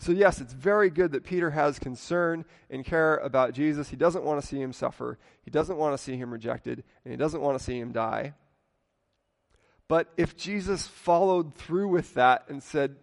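A man's voice: on the high side, moderate pace, gravelly, in a large hall. A man preaching a sermon in a conversational way, acting out the quoted lines with rising emphasis. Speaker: pastor.

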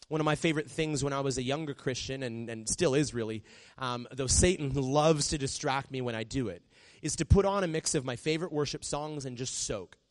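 A man preaching from the stage in a relaxed, talking style. His pitch sits at an ordinary middle level. When he acts out a prayer he drops into a quiet, gentle hush. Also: a little fast. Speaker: pastor. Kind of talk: sermon.

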